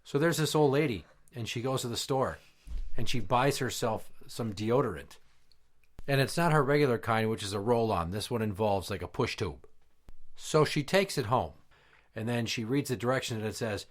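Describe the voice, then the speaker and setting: Guy with a really lively voice doing a foul-mouthed dad telling old dirty jokes, gets huffy fast. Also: medium pitch. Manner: crude, exasperated dad telling old jokes, swears often. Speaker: comedy podcast host. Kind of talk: comedic joke-telling skit.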